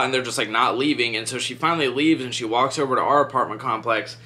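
A man's voice: mid-range voice, quick pace, hardly any pauses, sharp tone, a little hiss or hum. A man casually chatting through a true crime story while doing his makeup, rambling with lots of "like" and "um". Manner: rambling, heavy use of "like" and "um".

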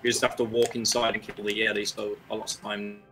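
A man's voice: on the low side, level tone, fairly quick, pushed and bright, faint music behind. A man chatting casually while racing through a speedrun, talking through his moves with self-mocking asides. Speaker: speedrun racer.

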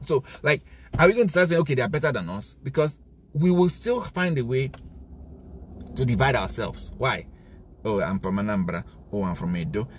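A man with a Nigerian accent speaking in an impassioned monologue, emphatic and given to indignant outbursts, his voice worn and hoarse. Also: medium pitch, slight background noise. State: losing his voice. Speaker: commentator.

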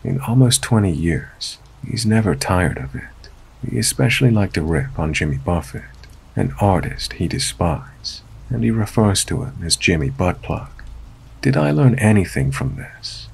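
A man narrating a true scary story in a steady, measured storytelling voice. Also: deep voice, vocal fry, husky. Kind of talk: scripted narration.

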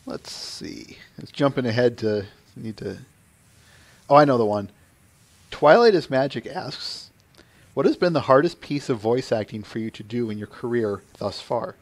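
A man's voice: mid-range voice, animated, moderate pace, no echo. A man hosting a podcast, reading listener questions to his guest. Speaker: podcast host.

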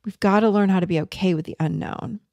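A woman's voice: mid-range voice, fast talker, creaky, mellow, dry recording, highs cut off. Earnest podcast host woman, dry sound. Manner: earnest, conversational, acts out remembered dialogue. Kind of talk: casual teaching monologue.

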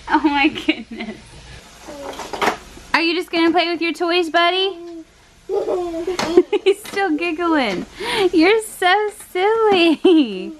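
A young mother with a very high voice giggles and coos affectionately at her baby while she films around her home. She talks slowly and unhurriedly, and there is clear background noise on the handheld home-video recording. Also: expressive. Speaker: mother filming her family. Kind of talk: casual home vlog. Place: family home kitchen and living room.

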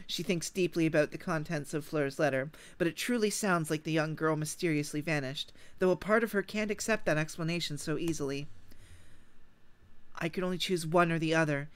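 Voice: medium pitch, a little fast, clean tone. A game player reading a visual novel's narration aloud, breaking into casual, giggly asides. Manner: casual, giggly asides between read lines.

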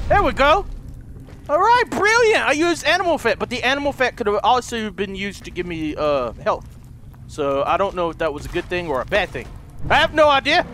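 A very high-pitched man narrating his gameplay, and his voice swings up and down all the time. He reacts with excitement, swears freely and yells at what happens on screen. Game sounds play clearly behind him. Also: slight background noise. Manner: excitable, swears, talks to the viewers, shouts at the game. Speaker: gaming video host. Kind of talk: let's play commentary.

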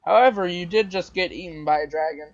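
A young man casually chatting while playing a game, loud, excitable and trash-talking, heard over a muffled voice chat. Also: sits high, fast talker. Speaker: gamer.

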